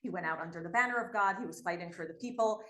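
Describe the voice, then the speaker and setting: A woman teaching a lesson, retelling biblical stories in an animated storytelling way, often checking in with "right?". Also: lowish voice, racing. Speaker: Torah teacher. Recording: echoey room.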